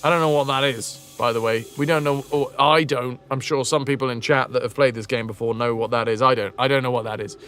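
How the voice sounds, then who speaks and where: A young man streaming a game live, chatting excitedly to his viewers with swearing and jokey asides. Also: mid-range voice, brisk, few pauses, soft background music. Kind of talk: live gameplay commentary.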